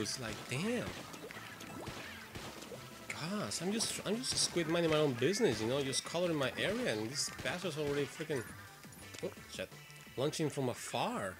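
A man giving excitable, swearing let's play commentary while he plays. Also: a little high, normal speed, pauses often. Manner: excitable, swearing, trash-talking. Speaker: gamer. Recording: game music clearly behind voice. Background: game music.

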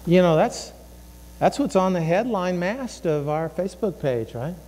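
A male pastor preaching with a fairly high voice, impassioned and given to repeating phrases. He slips into acted inner voices as he goes. His sermon rings through a church hall with a long, lingering reverb. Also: expressive, measured pace, a little mellow, a little hiss or hum. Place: church sanctuary.

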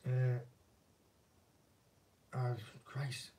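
A man's voice: medium pitch, completely flat delivery, extremely slow, warm tone. A man with a northern English accent, chatting casually and self-deprecatingly as an angling vlogger answering viewer questions. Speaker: angling vlogger and former commercial fisherman. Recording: voice a bit distant from the mic.

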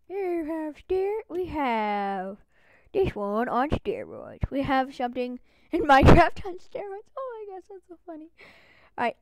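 Bubbly high-voiced woman narrating gameplay. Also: no room sound. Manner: bubbly, chatty, exclamatory, self-mocking. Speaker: gaming channel host. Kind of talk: casual let's-play commentary.

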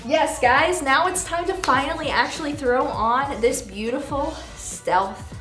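A woman's voice: sits high, measured pace, a bit bright. Upset, tearful woman vlogger in an echoey room. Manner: candid, swears, laughs between lines. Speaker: motorcycle vlogger. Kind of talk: casual vlog chat. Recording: echoey room with faint music.

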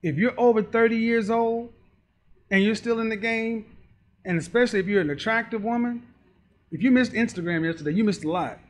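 A man with a high voice delivers fairly quick, lecturing commentary on dating. He is emphatic and preachy, acting out the people he describes in their own voices.

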